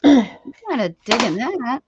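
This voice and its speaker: A bright-voiced woman hosts a craft livestream, chatting and joking as she sorts through her mail. She laughs often and talks in a loose, playful way. The stream audio is dull and lo-fi, with a faint hiss underneath. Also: a little high, sing-song, a little slow. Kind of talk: casual chat while opening mail.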